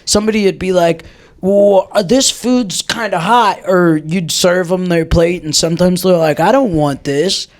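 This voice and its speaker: A man's voice: high voice, moderate pace. A young man chatting on a podcast, telling blunt, profane stories from his old job. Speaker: podcast co-host. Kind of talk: casual chat.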